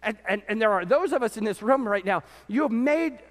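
A man preaching a sermon as pastor to his congregation, animated, his voice swinging from loud peaks to quiet lows. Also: a little fast. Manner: animated preaching, voice rising and dropping sharply. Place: church sanctuary. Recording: church sanctuary with long reverb.

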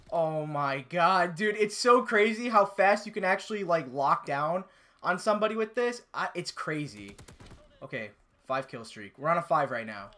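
A young man giving excitable, swear-heavy live commentary over his own gameplay, often bursting into yells. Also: sits high. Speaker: gamer and channel host.

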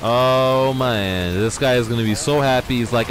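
A young man hosting a let's play, excitedly exclaiming and talking to his viewers from his garage. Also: mid-range voice, moderate pace. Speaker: gaming channel host. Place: home garage.

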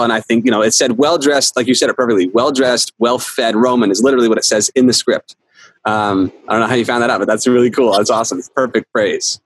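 A man guest on an interview, telling stories in a lively, laughing way and acting out quotes. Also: medium pitch, dry recording, poor audio. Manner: animated storyteller, laughs often, acts out quotes. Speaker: actor guest. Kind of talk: casual interview chat.

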